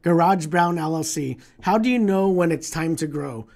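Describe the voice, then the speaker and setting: A man's voice: on the high side, moderate pace, darkish tone. A middle-aged man hosting a livestream Q&A, talking bluntly with swearing and acting out his own inner dialogue as he tells stories and gives business advice. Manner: blunt, profane, storytelling with acted inner dialogue. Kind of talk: casual livestream Q&A talk.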